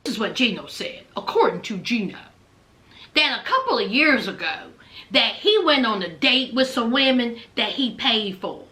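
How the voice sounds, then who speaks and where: A woman's voice: on the high side, sing-song, normal speed, pushed and bright. A woman giving a sassy, dramatic gossip recap of a reality TV episode, calling her viewers honey and y'all.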